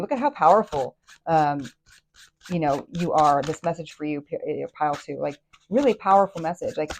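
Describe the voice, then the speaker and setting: A woman hosting a casual tarot reading, excitable and chatty, with plenty of fillers and restarts. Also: sits low, slight background noise. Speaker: tarot reader and channel host.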